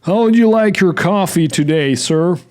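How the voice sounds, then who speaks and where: A man voicing a cool, all-American male cartoon sidekick with a slow, laid-back drawl. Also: high voice, expressive, a little mellow, clean tone. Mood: cocky.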